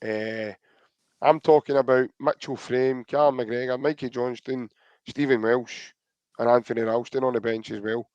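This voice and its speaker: Smooth-voiced Scottish man, dull dry mic. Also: mid-range voice, steady tone, moderate pace, darkish tone, dry recording. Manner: easygoing, says "mate" a lot, hesitant restarts. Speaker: podcast co-host. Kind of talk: casual football chat.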